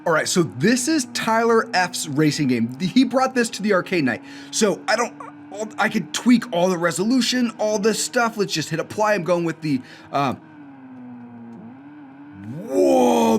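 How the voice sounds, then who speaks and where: A young man hosting a coding school showcase, energetic and enthusiastic as he plays student games and pokes fun at himself. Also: sits high, slight background noise. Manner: energetic, enthusiastic, self-mocking. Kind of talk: upbeat video showcase, playing student games. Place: indoor studio with green screen.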